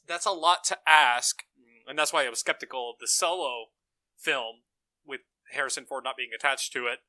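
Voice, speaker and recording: A man's voice: mid-range voice, sharp tone, no echo, poor audio. A man co-hosting a podcast, talking through his opinions on films in an emphatic, opinionated way. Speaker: podcast co-host. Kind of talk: casual film discussion.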